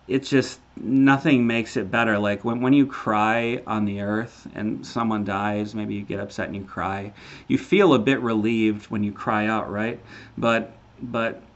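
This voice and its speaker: A man giving an earnest personal religious testimony. He stumbles and repeats words often and calls his listeners brothers and sisters. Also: mid-range voice. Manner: halting, many repeated words and restarts. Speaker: testimony speaker. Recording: slightly dull lo-fi audio.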